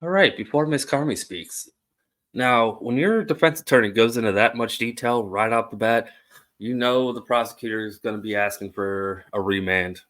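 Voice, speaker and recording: A man hosting a court-video commentary channel, a little under the weather, chatting casually in a fairly flat voice. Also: medium pitch, moderate pace. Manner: relaxed, chatty, mildly monotone. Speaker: host reacting to court videos.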